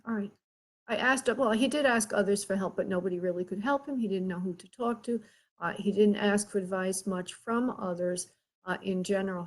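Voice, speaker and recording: A woman hosting a live psychic reading, speaking haltingly with many pauses and calling the caller by endearments. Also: mid-range voice, creaky, breathy edge, poor audio. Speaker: psychic medium host.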